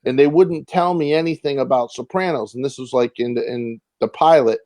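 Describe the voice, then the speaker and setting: A young man, a comedian and actor, telling a rambling, animated story with frequent restarts and casual swearing. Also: mid-range voice, brisk. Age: young adult.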